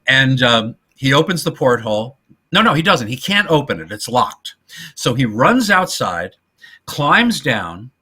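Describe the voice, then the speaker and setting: A man co-hosting a podcast, chatting casually about an old film and acting out the lines in different voices. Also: medium pitch. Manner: animated retelling, acting out quotes in voices. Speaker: podcast co-host.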